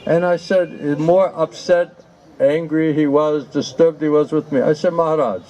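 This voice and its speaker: A man telling a humorous anecdote to listeners, with slow, drawn-out delivery, laughter and mock-pleading repetitions. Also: fairly high pitch, steady tone, mellow, low-quality recording. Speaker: storyteller to an audience.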